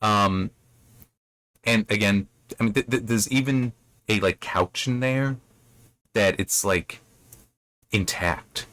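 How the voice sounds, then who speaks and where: Male host, low voice, dry close recording, casual rambling recap with fillers. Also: slow pace, pauses often, fairly bright tone, no echo. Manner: loose retelling with frequent fillers and self-corrections. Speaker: book review host. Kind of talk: casual chapter recap and commentary.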